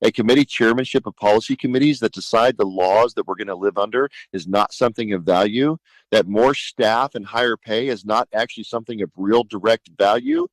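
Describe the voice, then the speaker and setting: A man's voice: medium pitch, no room sound, low-quality recording. A middle-aged man, a state senator, talking emphatically on a radio talk show and acting out conversations. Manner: emphatic, animated, acts out conversations.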